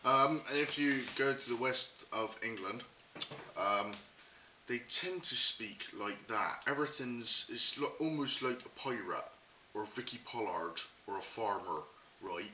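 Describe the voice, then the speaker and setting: A man's voice: medium pitch, unhurried, pushed and bright. A Scottish man in a casual comedic monologue, wry and mocking, rambling with fillers. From Scotland. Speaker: vlogger. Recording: roomy, distant mic with hiss.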